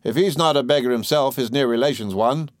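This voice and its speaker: A man's voice: mid-range voice, brisk, no echo, clean studio sound, pitched above the performer's own voice, lightly acted. A man voicing a proud, bold older schoolboy who speaks defiantly and with scorn.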